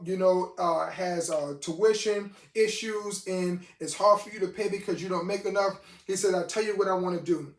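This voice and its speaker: A man's voice: high voice, echoey room. A man preaching a sermon as host of his own show, telling a story with lots of quoted dialogue. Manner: animated storyteller quoting others in dialogue.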